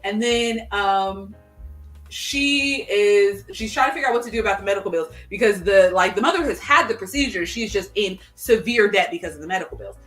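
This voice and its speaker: A young adult woman, a podcast co-host, chats casually as she retells a show's plot with animation, acting out the characters' lines in quick voices. Her voice is mid-range, and soft music plays in the background.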